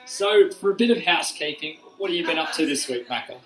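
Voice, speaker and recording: A man co-hosting a live podcast, loud and joking, swearing casually as he introduces guests. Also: fairly high pitch, lively intonation, fast talker, heavy background noise. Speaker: podcast co-host. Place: room with a live audience. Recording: echoey room.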